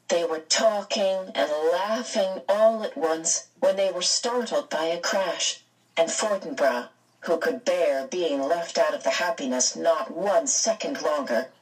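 A woman narrating a storybook aloud in a slow, expressive reading. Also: on the low side, distant mic, rough recording. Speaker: audiobook narrator.

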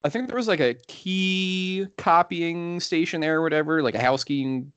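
A man's voice: on the high side, normal speed, fairly bright tone, smooth, no room sound. A young man co-hosting a podcast, telling a story casually and rambling with lots of "like" and "you know". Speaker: podcast co-host.

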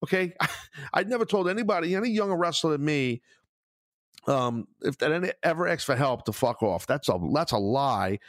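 A man's voice: a little high, lively intonation, normal speed, no room sound, studio quality. A middle-aged man hosting a podcast in blunt, profane, casual chat. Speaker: podcast host.

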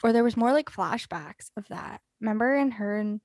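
A woman's voice: on the high side, lively intonation, a little mellow, no room sound, studio quality. A woman co-hosting a podcast, chatting casually about a TV show and laughing often. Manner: slow, drawn-out, giggly talk. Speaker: podcast co-host.

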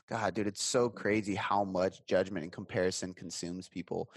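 A man's voice: low-pitched, fairly even intonation, normal speed, breathy edge, no room sound. A man talking casually as a content creator on a podcast, earnest and reflective, with some swearing.

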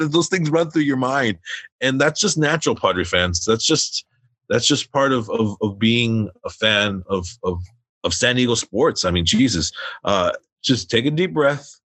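A man's voice: mid-range voice, unhurried, no room sound. Man hosting a sports chat, dry sound. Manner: animated, chuckling, repeats words. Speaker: podcast host.

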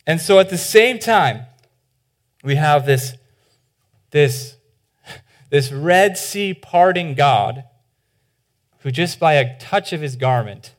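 A man preaching a sermon as pastor, earnest and conversational with many restarts, dropping to a hushed voice for appeals. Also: fairly high pitch. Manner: drops to a soft, hushed voice for appeals.

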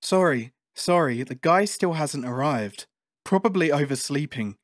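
Man voicing a calm female agent, quiet, soothing, apologetic, storybook reading. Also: fairly high pitch, a little slow, no room sound, clean studio sound.

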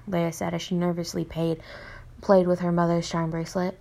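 A woman's voice: on the low side, level tone, brisk, creaky, a little mellow. A young woman reading her own story aloud on a podcast, plainly and with small slips and restarts.

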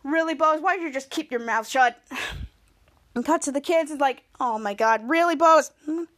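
A woman's voice: high voice, normal speed. A woman hosting a podcast, retelling a TV episode scene by scene in a rambling, stop-start way with many restarts. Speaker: podcast host. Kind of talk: casual recap of a TV episode.

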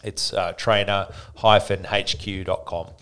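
Man, forties, low voice, rambling storyteller, podcast guest. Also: measured pace, clear, resonant tone. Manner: rambling, animated storyteller with frequent restarts. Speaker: podcast guest, fitness business owner. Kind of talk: casual interview storytelling.

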